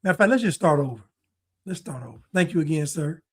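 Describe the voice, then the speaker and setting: A man with a notably high voice talks casually to his livestream audience. He muses aloud, trails off and restarts his thoughts, and reacts to the clips he plays. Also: lively intonation, fast. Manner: chatty, musing, trails off and restarts. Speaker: livestream commentator. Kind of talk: casual live-stream commentary.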